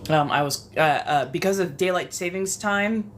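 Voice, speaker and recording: Young woman, West Coast accent, low-pitched, loose chatty streamer delivery with cursing and asides. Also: moderate pace, slight background noise. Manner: chatty, swearing, rambling asides. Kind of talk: casual live-stream chat.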